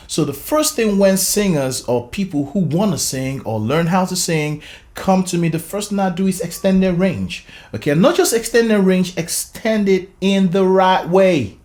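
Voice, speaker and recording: A vocal coach giving an animated singing lesson, explaining with frequent "okay?" check-ins and chuckles, breaking into short sung demonstrations. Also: medium pitch.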